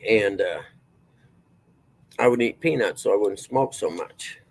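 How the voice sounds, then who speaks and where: A middle-aged man, talking in a gravelly, somewhat low voice. He rambles through folksy personal stories in a loose, drawling way, trailing off and circling back as he goes. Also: animated, measured pace, rough recording. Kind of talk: casual storytelling chat.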